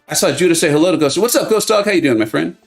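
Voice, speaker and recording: A man's voice: on the high side, lively intonation, rapid-fire, creaky, faint music behind. A man hosting a game-tournament watch party live stream, chatting casually and greeting viewers by name with self-mocking humor. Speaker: livestream host.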